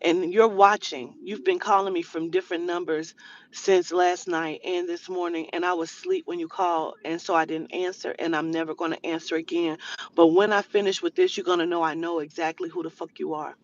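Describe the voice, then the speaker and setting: A woman's voice: fairly low pitch, fairly even intonation, a little fast, lo-fi sound. A woman telling a heated storytime rant to camera, profane and indignant, mimicking the person who harassed her. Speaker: spiritual reader.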